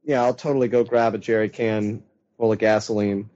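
A man's voice: lowish voice, steady tone, a little fast, mellow. A man playing in a tabletop game, talking casually and thinking aloud about his next move. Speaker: player. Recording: lo-fi voice chat with faint noise.

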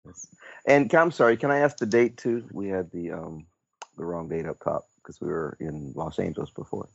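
A man's voice: low-pitched, normal speed, gravelly, breathy edge, lo-fi sound. A man speaking as a player in a tabletop role-playing game, polite and in character.

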